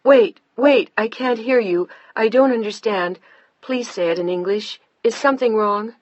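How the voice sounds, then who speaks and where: A narrator voicing a frantic mother calling overseas, urgent and pleading, shouting into a bad phone line. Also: mid-range voice, normal speed, breathy edge, no echo.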